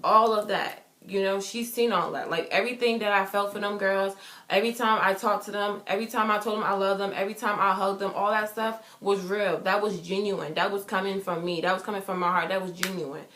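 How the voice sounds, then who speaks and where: A young woman recounts a personal story straight to camera. She talks emphatically and circles back over her points. Her voice sits at an ordinary pitch and carries a roomy echo. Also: steady tone, brisk, a bit bright. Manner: emphatic and repetitive, acting out quotes. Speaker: vlogger.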